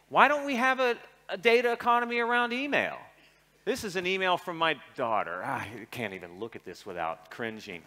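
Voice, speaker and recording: A man's voice: mid-range voice, bright, forceful tone. A middle-aged man from Seattle giving a conference keynote, irreverent and joking, acting out little dialogues. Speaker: keynote speaker. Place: large arena. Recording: arena reverb.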